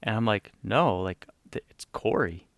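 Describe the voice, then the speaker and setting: A podcast co-host with a lowish, unhurried voice spins a story during casual chat, cursing freely and performing other people's quotes with animation. The recording is dry and cleanly studio-produced.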